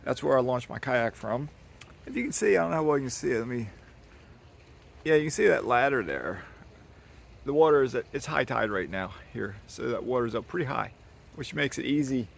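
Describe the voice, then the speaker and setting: Gravelly man touring his dock outdoors. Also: medium pitch, lively intonation, brisk, a little hiss or hum. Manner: rambling, folksy, with restarts. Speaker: vlogger giving a property tour. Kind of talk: casual walk-and-talk tour. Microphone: handheld camera carried while walking. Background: birds.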